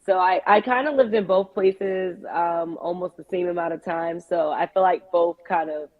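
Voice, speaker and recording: A woman's voice: on the low side, steady tone, moderate pace. A young woman from New York, a podcast co-host, talking easily as a guest on a remote call interview. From New York, USA. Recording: dull lo-fi call audio.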